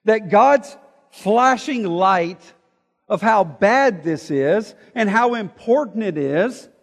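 Man, pastor preaching, high voice, reads scripture aloud, loud emphasis and quiet asides, reverberant hall. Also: lively intonation, slow. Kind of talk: expository sermon.

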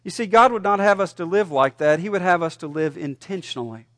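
A man preaching a sermon as a pastor, animated, telling a story and shouting punchlines. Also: high voice, fairly quick, no echo, studio quality. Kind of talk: sermon with a joke told.

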